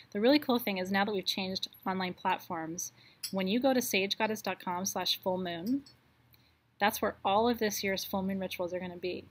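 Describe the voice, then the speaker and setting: A woman leading a live online ritual, speaking slowly and soothingly as she guides a meditation, with her voice dropping softer for the affirmations. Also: mid-range voice.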